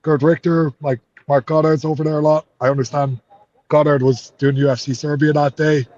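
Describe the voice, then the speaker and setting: A man's voice: fairly high pitch, little pitch movement, fairly quick, darkish tone, dull audio. A man with an Irish accent, a fighter in an interview, talking heatedly and swearing a lot. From Ireland. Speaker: MMA fighter.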